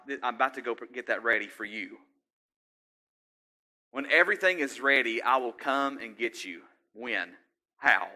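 This sermon comes from a middle-aged pastor with a mid-range voice who keeps it conversational, repeatedly asking the congregation questions before rising into loud exhortation.

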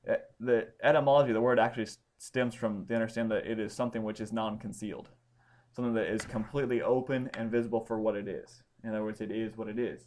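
A man teaching a Bible study class, explaining points step by step and pausing to check that his students follow. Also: on the low side, steady tone, a little mellow. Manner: explanatory, checks understanding with questions.

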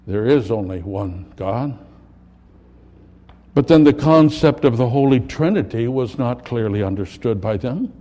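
A man preaching a sermon, dramatically swinging between loud, emphatic lines and hushed, low ones. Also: expressive, unhurried.

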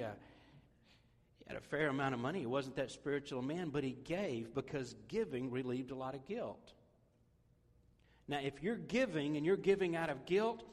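A man preaches in a relaxed, conversational way, dropping self-deprecating jokes between his points. His voice sits a little high for a man. The sound carries a long reverb, as in a church hall. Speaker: pastor. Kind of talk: sermon.

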